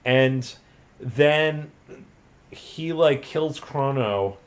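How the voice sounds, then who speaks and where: Speaking extremely slowly in a mid-range voice, a drunk man rambles through the plot of a video game he's hosting about. He curses freely, keeps restarting, and plugs every pause with "like."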